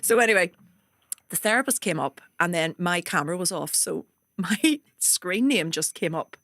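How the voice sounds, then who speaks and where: A woman's voice: lowish voice, normal speed, no echo. A woman hosting a comedy podcast, telling stories in a casual way and laughing as she talks. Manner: animated, laughs through her stories. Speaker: podcast host, stand-up comedian.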